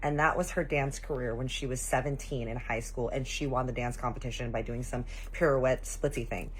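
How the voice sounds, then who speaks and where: Husky low-voiced woman telling a story. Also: brisk. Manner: lively, chatty, acts out what others said; says y'all and girl often. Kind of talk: casual storytime.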